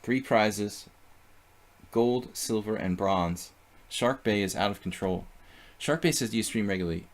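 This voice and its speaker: A man's voice: lowish voice, unhurried. A man streaming live chess, thinking aloud about his moves and chatting casually with viewers.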